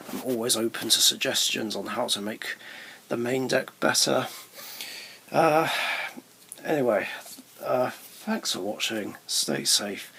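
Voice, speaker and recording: A man's voice: medium pitch, creaky, fairly bright tone, a little hiss or hum, poor audio. A man, a card game YouTuber, walking through his deck in a casual, rambling way, with many ums and mid-sentence corrections. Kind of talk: casual deck profile walkthrough.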